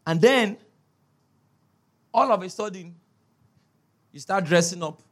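A man's voice: sits high, animated, takes it slowly. A man preaching a sermon as a pastor, emphatic, repeating key words and checking in with his listeners.

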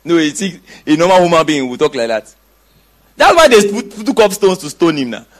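A man's voice: a little high, very animated, moderate pace. A middle-aged man preaching a sermon, reading scripture aloud and asking his congregation questions.

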